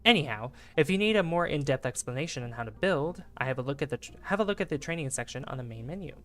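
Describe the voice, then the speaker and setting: A man's voice: fairly high pitch, expressive, fast talker, fairly bright tone, faint music behind. A man voicing a chipper male rocket engineer giving a formal guided tour, in a put-on British accent. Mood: formal guide.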